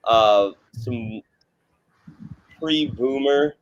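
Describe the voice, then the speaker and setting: A man on a live panel chat pushes back skeptically and speaks in halting bursts, often restarting his sentences. His pitch sits in an ordinary middle range. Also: highs cut off. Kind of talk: casual group discussion.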